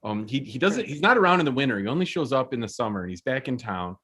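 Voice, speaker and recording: A man's voice: mid-range voice, quick pace, breathy edge. A man hosting an online open mic, chatting casually and rambling before he introduces the next act. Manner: rambling, relaxed, trails off and restarts. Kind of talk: casual emcee chat.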